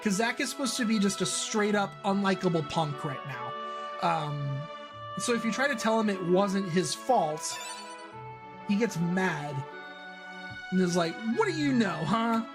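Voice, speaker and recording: High-voiced male streamer, rambling casual explainer, faint music underneath. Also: animated, unhurried, long pauses. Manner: rambling, explaining his own game. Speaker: game developer streamer. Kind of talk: casual livestream commentary.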